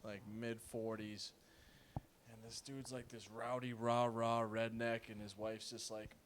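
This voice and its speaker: A man's voice: medium pitch, flat delivery, unhurried, slight background noise. A young man casually telling a caddie story, laughing often and swearing freely as he acts out both sides. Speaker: golf caddie and podcast host.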